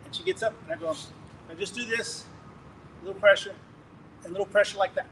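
A man preaching, telling a testimony in an animated, rambling way with laughs and restarts. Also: sits high, quick pace, background noise. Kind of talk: sermon testimony storytelling.

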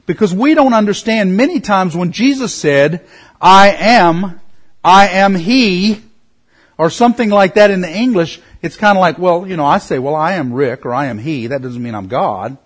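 A middle-aged man teaching a Bible study in an earnest way, slowing down to stress key words. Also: high voice, lively intonation, husky.

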